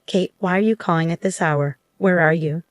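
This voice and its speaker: A woman's voice: on the low side, moderate pace, no echo, studio quality, natural voice. A woman voicing a selfish, deceitful husband in an offhand, casual way within a spoken story.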